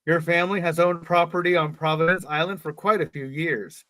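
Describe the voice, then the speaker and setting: A man's voice: on the high side, steady tone, fairly quick, bright, forceful tone, dry recording. A man co-hosting a podcast, reading a story aloud and breaking off for jokes and laughs. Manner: joking, laughs between lines. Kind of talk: casual reading with jokey asides.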